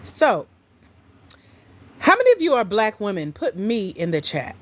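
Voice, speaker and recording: Lively, chatty woman livestream host. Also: medium pitch, a little slow. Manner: chatty, playful, talks straight to viewers. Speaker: livestream host, grants coach. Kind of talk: casual livestream chat.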